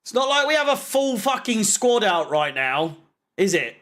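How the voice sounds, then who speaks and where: A man's voice: high voice, big pitch swings, normal speed, a bit bright. A young man doing live football watch-along commentary, ranting in frustration, swearing and sarcastic. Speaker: fan channel co-host.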